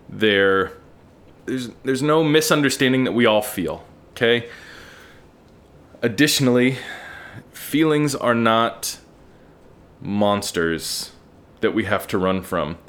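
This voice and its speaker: A man's voice: medium pitch, takes it slowly, pauses often, a bit bright. A man hosting a solo podcast, talking through his thoughts in an earnest, candid way and swearing casually. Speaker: podcast host. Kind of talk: solo reflective monologue.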